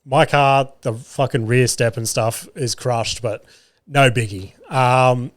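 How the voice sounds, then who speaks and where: A man's voice: mid-range voice, slow, no echo. An Australian man hosting a podcast and telling a rambling story in a casual monologue, swearing often. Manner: swears a lot, rambling and animated. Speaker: podcast host.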